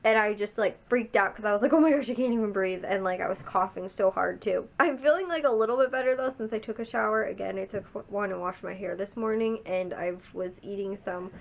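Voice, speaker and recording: A woman's voice: mid-range voice, brisk, gravelly, few pauses. A young woman from the Chicago area, a vlogger, chatting casually at home with a rambling, chatty manner. She is sick, with a congested, stuffy voice. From Chicago area, USA. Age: young adult. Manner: rambling, chatty, frequent trailing-off restarts. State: congested, sick with a sore throat. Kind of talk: casual vlog chat.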